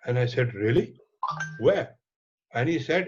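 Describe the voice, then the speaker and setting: A middle-aged man with an Indian accent, a documentary filmmaker telling a lively story in conversation and mixing in Hindi words and casual swearing. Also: medium pitch, moderate pace. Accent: Indian English. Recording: dull lo-fi audio.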